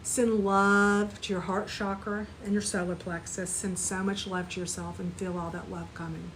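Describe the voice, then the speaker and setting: A woman teaching a live online spiritual class, gently guiding listeners through an energy clearing and repeat-after-me compassion phrases. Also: medium pitch, little pitch movement, normal speed, few pauses, a little hiss or hum, rough recording.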